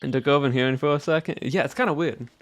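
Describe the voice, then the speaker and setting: A man's voice: mid-range voice, racing, no echo. A game streamer chatting casually with viewers in a put-on Southern US drawl, easygoing as he plays. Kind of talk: casual live-stream chat while playing.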